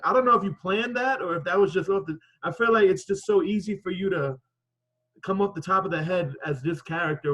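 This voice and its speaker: High-voiced man giving loose feedback. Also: a bit bright, husky, rough recording. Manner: loose, rambling, profane. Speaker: wrestling student. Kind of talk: casual critique.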